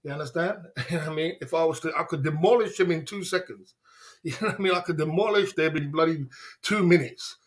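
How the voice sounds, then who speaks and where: Hosting a casual livestream chat, a man rambles in a defiant, boastful way, laughing often and asking "you know what I mean". His voice is fairly high and fast.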